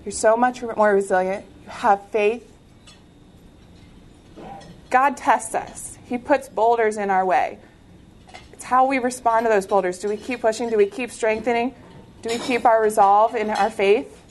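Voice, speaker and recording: A young woman from the United States giving an inspirational talk, telling her story in an animated way with laughs. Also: fairly high pitch, moderate pace, slight background noise. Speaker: speaker sharing a faith testimony.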